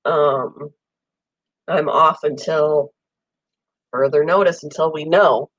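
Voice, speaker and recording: A woman's voice: low-pitched, slow, fairly bright tone, no room sound, lo-fi sound. Woman with a cold, chatting about pets. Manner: rambling, friendly, many ums. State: has a summer cold, coughing. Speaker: pet channel host. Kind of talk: casual live chat with viewers. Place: home room with air conditioner.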